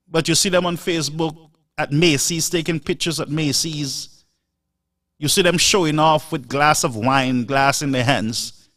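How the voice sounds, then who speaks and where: Lecturing man, slightly high voice. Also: a bit bright, distant mic. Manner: emphatic, lecturing, rhetorical "Huh?" asides. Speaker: live show host. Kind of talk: preachy live-stream monologue.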